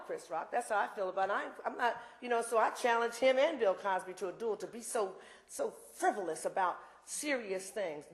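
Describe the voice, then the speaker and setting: Impassioned woman in her sixties, echoey hall. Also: medium pitch. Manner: impassioned, blunt, rambling with asides. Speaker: invited speaker. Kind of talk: campus talk with audience Q&A. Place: university lecture room.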